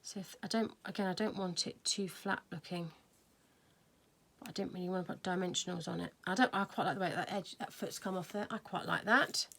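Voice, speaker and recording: A woman's voice: fairly low pitch, fairly even intonation, a little fast, vocal fry, a bit bright. A woman hosting a casual crafting tutorial, chatting and thinking aloud as she works. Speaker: craft video host.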